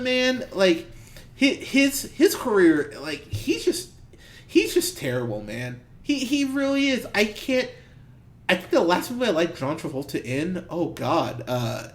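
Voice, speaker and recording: A man co-hosting a movie podcast, ranting heatedly and profanely about bad films with bursts of laughter. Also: very high-pitched. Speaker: podcast co-host. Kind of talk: ranty movie review chat.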